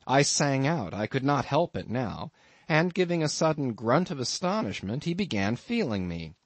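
Man reading an audiobook, animated delivery. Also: medium pitch, normal speed, no room sound. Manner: expressive, dramatic reading. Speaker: audiobook narrator. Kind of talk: scripted audiobook narration.

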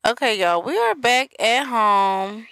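A woman's voice: on the high side, expressive, takes it slowly, creaky, fairly bright tone, clear, resonant tone, no room sound. A young woman casually narrating her life-simulation game, chatty and sassy, speaking straight to viewers. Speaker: gaming video host.

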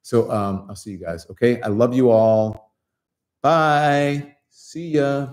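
A man's voice: mid-range voice, slow pace, darkish tone. A man hosting a casual live show, chatting in a loose, rambling way and answering viewer comments. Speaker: host. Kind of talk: casual livestream chat.

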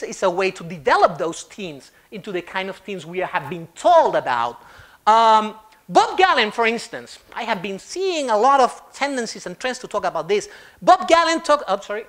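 A man giving a humorous conference talk on stage, animated and fond of acting out quotes. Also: high-pitched. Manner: animated, acts out quotes in funny voices. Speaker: conference speaker.

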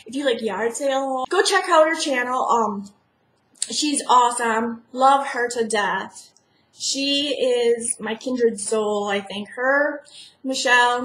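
A woman's voice: fairly high pitch, echoey room, slight background noise, rough recording. A woman vlogger chatting casually and gushing as she unboxes a package.

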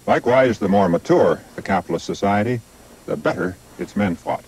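An older man presenting a documentary in measured, scripted narration with dry, wry asides. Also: on the low side, lively intonation, darkish tone, slightly rough, low-quality recording.

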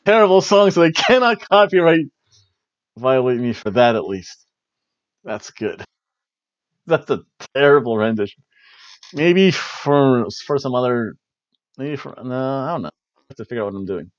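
A man's voice: medium pitch, no room sound. A man recapping wrestling in a casual, rambling way, cracking jokes and tossing in goofy voices as he goes. His voice sits in an ordinary middle range. The recording is dry and slightly muffled, like a basic home setup. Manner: rambling, jokey, breaks into silly voices. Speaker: podcast host reviewing wrestling.

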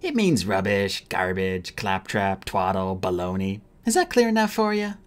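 A man voicing a grumpy sharp-tongued male dwarf who mocks his captors. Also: deep voice, wildly swooping pitch, moderate pace. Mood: scornful. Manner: scornful, sarcastic.

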